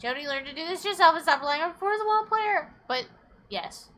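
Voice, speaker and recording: A woman's voice: extremely high pitch, expressive, brisk, bright, forceful tone. A woman streaming a story game, chatting casually with her viewers, swearing, laughing and gasping often. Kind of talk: casual live-stream commentary.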